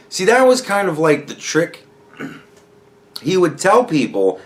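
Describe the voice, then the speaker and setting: A man's voice: high-pitched, wildly swooping pitch, a little slow, long pauses, fairly bright tone. Profane, sarcastic man ranting. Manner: profane, sarcastic, mocking impressions. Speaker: podcast host. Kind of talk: casual political rant.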